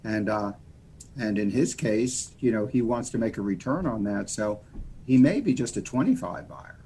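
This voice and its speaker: A man's voice: lowish voice, expressive, moderate pace, dark tone, a little hiss or hum. A man from the United States, a mortgage lender guest on a podcast, explaining loans in a folksy, rambling way. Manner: folksy, rambling explanations full of "you know". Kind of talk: casual podcast interview.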